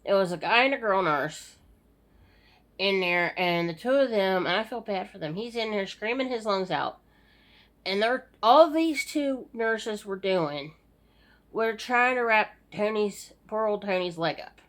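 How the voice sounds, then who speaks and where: This is a middle-aged woman recording a casual personal update at home late at night. She sounds weary and sighs often, rambling and restarting as she talks. Her voice sits at a middle pitch. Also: lively intonation, a little slow. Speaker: vlogger.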